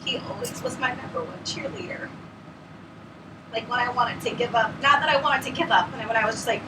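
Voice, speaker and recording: A woman's voice: fairly high pitch, a little fast. A woman in her thirties gives an earnest, tearful thank-you speech as a newly promoted area manager, rambling with many fillers. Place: meeting room with audience. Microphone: camera at the back of the room. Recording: distant camera in a meeting room, noisy.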